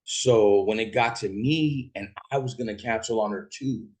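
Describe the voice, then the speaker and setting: A man's voice: fairly low pitch, a little mellow. Rambling, profane man telling a story. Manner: rambling and profane, quick asides. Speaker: rideshare driver. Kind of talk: casual storytelling.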